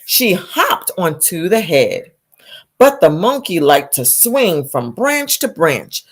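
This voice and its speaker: A woman reading a picture book aloud to children, animated and exclamatory, stopping to ask them questions. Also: on the low side, slow pace, slightly rough. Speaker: storytime reader for children.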